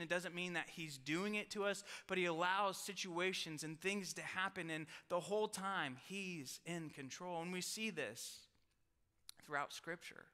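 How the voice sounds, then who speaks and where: Young man, chapel sermon in a reverberant hall; lively storyteller, high tense voice, self-deprecating. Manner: storytelling, self-deprecating humor, restarts and quick asides. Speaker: college chapel speaker.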